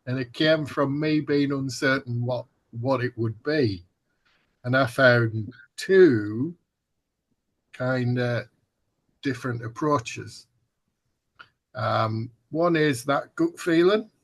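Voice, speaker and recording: A husky man in relaxed podcast banter. He jokes at his own expense and stumbles through restarts. His pitch sits in an ordinary middle range. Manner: self-deprecating joking, halting restarts. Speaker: podcast co-host. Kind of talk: casual banter.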